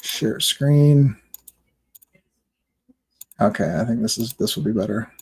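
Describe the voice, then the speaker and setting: A man's voice: medium pitch, expressive, takes it slowly, vocal fry, a little mellow, slightly rough. A man giving casual reaction commentary on a movie trailer, rambling and exasperated with lots of fillers.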